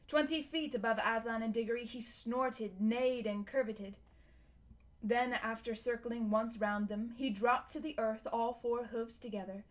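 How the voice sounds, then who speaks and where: A woman reading a storybook aloud, narrating in an expressive, measured way. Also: on the high side.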